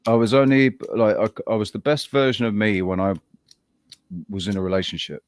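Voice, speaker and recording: A man co-hosting a podcast, telling a personal story in a rambling, halting way with frequent restarts. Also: on the low side, fairly even intonation, no room sound, clean studio sound. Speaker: podcast co-host. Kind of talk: casual chat.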